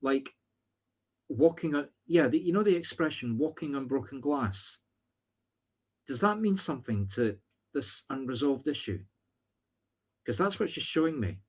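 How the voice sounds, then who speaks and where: Husky and expressive, a Scottish spiritual medium's medium-pitched voice moves at a measured pace with frequent pauses. He gives live-streamed psychic readings, chatting, reasoning aloud and slipping in teasing remarks.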